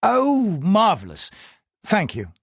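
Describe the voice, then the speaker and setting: A man's voice: sits high, wildly swooping pitch, slow pace, husky, dry recording, clean studio sound, pitched above the performer's own voice, heavily acted. A man doing a testy, raised-voice old governor. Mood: brisk, clipped. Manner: clipped, upper-class, wistful. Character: older male British colonial governor, testy, brooding.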